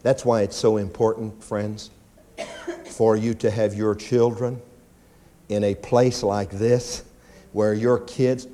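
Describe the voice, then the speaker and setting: A pastor preaching a sermon in church, animated and often mimicking whining prayers. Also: male voice. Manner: animated preaching, acts out pleading prayers in a high whine.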